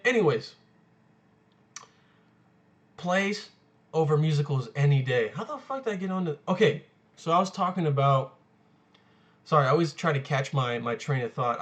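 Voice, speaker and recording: Young guy ranting on his podcast, kinda high voice, swears a lot, keeps losing the thread. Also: fairly bright tone. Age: young adult. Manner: profane, rambling, loses his train of thought. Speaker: podcast host. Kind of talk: casual solo podcast rant. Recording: lo-fi home audio.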